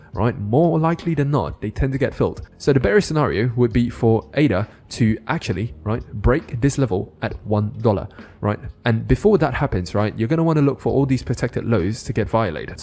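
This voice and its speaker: A man giving a casual crypto chart analysis, often checking in with the listener with quick tag questions. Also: mid-range voice, expressive, darkish tone. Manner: casual, keeps adding "right?" tag questions. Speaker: crypto trading YouTuber.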